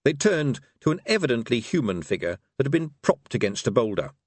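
A man reading a story aloud as narrator, with a wry, expressive delivery. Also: mid-range voice, brisk, husky, dry recording. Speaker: audiobook narrator. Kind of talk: scripted narration.

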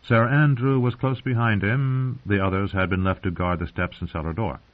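A man narrating a fantasy audiobook in a steady storytelling voice. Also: on the low side, moderate pace. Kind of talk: scripted narration. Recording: tinny phone-like sound.

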